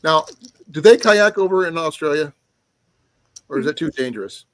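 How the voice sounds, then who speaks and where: Chatty man with a lively, higher voice. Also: moderate pace. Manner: rambling, laughs often. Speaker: co-host. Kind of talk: casual podcast chat.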